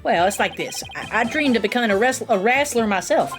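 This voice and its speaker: A woman's voice: a little high, lively intonation, brisk, lightly acted. A woman voicing a fussy male thief with a put-on Southern drawl, folksy and overdramatic, over game music. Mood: boastful. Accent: American Southern (put on).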